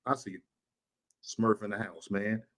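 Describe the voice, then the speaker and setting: A man's voice: on the low side, steady tone, a little slow, a bit bright. A man hosting a casual livestream, talking in loose street slang and greeting viewers in the chat by name. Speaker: livestream host.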